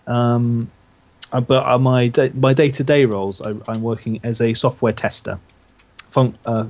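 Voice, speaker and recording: A man's voice: mid-range voice, darkish tone. Man, podcast guest, casual chat, teasing, stammering, chuckling, medium voice.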